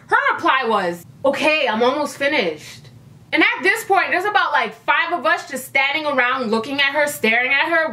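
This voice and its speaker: A woman vlogger telling a work story in a casual, animated, emphatic way, often repeating phrases for effect. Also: high-pitched.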